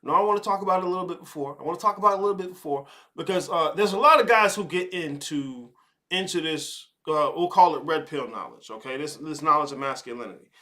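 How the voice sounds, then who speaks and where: A man hosting a live show, talking in a blunt, profane, casual monologue and mocking people with quick impressions. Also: fairly high pitch, sharp tone. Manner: blunt, swearing, mocking, mimics others in quick asides. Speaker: host of a live spirituality advice show.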